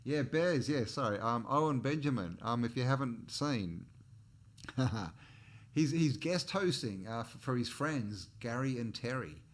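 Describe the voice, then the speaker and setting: A man's voice: medium pitch, lively intonation, a little slow. A man hosting a casual livestream chat, rambling between topics and greeting viewers in the chat with frequent restarts and chuckles. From Australia. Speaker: channel host.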